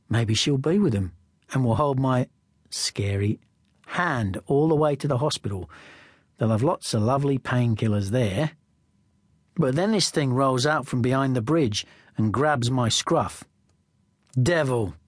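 A man's voice: mid-range voice, no room sound. Wry male audiobook narrator, dry sound. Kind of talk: first-person audiobook narration.

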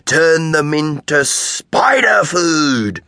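A man's voice: fairly high pitch, very animated, drawn-out words, bright, forceful tone, dry recording, studio quality, voice pushed up, heavily acted. A man voicing a cheeky teenage boy skateboarder who leads his friends with a teasing tone. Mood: mock-spooky. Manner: teasing, mock-spooky.

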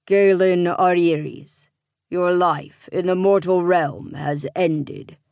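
A woman voicing a stern male judge of the dead in an audiobook, speaking in a slow, commanding way. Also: fairly low pitch, steady tone, creaky, darkish tone, no room sound.

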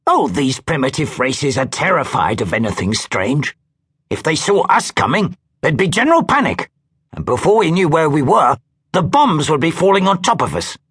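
A man voicing a cautious, dutiful alien pilot from a science fiction audiobook, explaining matters with patient care. The voice sits fairly high and husky. It rises and falls with a lecturing lilt. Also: very animated, moderate pace, fairly bright tone, heavily acted.

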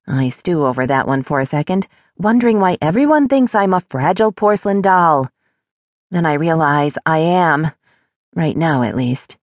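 A woman reading a first-person audiobook in a wry, expressive way, recorded close to a studio mic. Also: deep voice, moderate pace, no echo. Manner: wry, expressive, emotionally animated. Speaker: audiobook narrator.

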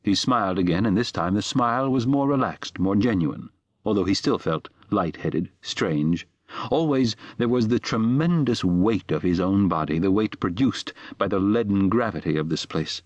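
Man, audiobook narrator, lowish voice, measured even reading, dry close sound. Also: no room sound, lo-fi sound. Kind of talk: scripted narration.

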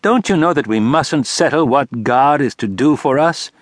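A man's voice: mid-range voice, animated, normal speed, no room sound, studio quality, voice pushed up, natural voice. A man voicing an earnest, slightly preachy eldest teenage son.

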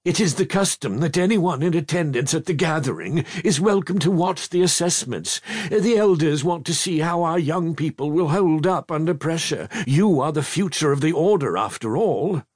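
A stately elderly great-aunt from a children's storybook, played by a man reading aloud, speaks in a raised, slightly husky voice. Her tone is dry, composed and precise, with a gentle tease under it. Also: on the high side, lively intonation, normal speed, voice pushed up. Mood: calm, teasing. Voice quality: mild, precise, lightly teasing.

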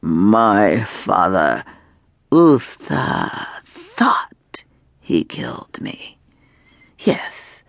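A woman voicing a menacing female dragon in human form, speaking in a hushed, breathy whisper. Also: rumbling low, dry recording, pitched below the performer's own voice, full character voice.

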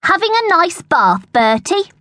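A woman's voice: fairly high pitch, big pitch swings, slow pace, dry recording, clean studio sound, voice pushed up, full character voice. Woman voicing a sneering, snooty schoolboy show-off. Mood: boastful. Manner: sneering, boastful.

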